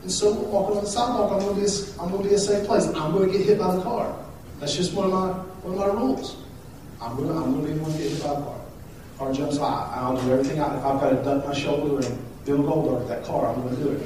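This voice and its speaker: A man in his thirties, a pastor giving a conversational, animated sermon with asides and jokes. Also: on the high side, fast. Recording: echoey hall, speaker far from the mic, faint noise.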